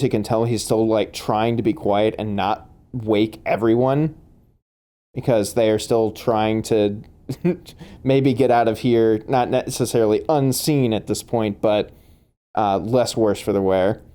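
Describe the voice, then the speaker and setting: A man's voice: lowish voice, measured pace, warm tone. A man running a tabletop game as game master, laughing often and talking with many fillers and restarts.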